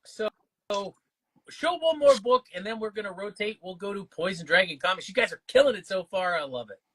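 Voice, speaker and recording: A man hosting a live comic book sale stream, upbeat and full of quick banter. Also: sits high, animated, a bit bright. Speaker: livestream auction host. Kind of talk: live sales stream chatter.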